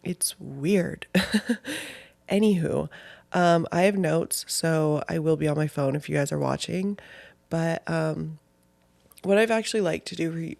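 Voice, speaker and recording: A young woman hosts her solo podcast in a loose, rambling chat, full of fillers and casual swearing. Her voice sits a little low for a woman, and she sounds low-spirited. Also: creaky, darkish tone. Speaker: podcast host.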